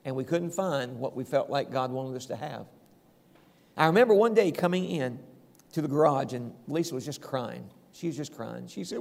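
Gravelly-voiced pastor guy preaching, folksy stories, amen every few lines, big church echo. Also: medium pitch, expressive, moderate pace, darkish tone. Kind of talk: sermon.

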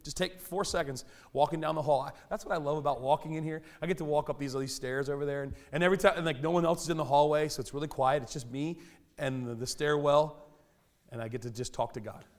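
A man delivers a sermon in a church, his voice sitting a little higher than most. He preaches in a lively, conversational way, often joking at his own expense. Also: fast. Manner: animated, conversational preaching with self-deprecating humor. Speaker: pastor. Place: church sanctuary.

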